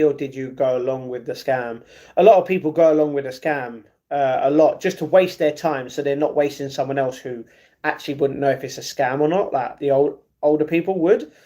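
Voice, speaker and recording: A man's voice: medium pitch, warm tone. A young man from England chatting casually on a livestream, reading out comments and answering them, often repeating his phrases. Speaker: live streamer.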